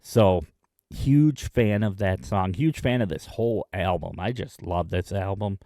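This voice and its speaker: Chatty man with a low, dry voice. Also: dark tone, dry recording. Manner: chatty and enthusiastic, with frequent "uh" pauses. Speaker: music video host. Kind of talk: casual album rundown.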